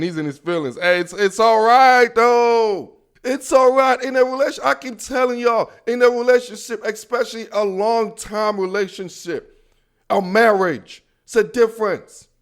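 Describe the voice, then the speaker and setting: High-voiced, playful man hosting a football show. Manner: playful, slangy, talks straight to listeners. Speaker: football podcast host. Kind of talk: casual sports commentary.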